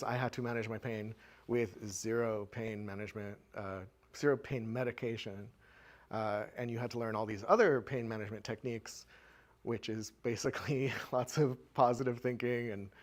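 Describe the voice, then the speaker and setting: Man, mid-pitched voice, candid personal story, conversational, filler-heavy, show-and-tell presenter. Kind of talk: personal story told to a live audience.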